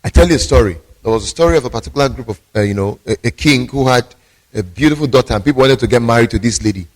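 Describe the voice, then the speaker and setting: A male pastor delivers a sermon with emphatic storytelling. His voice sits at an ordinary middle pitch for a man. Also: lively intonation, very fast.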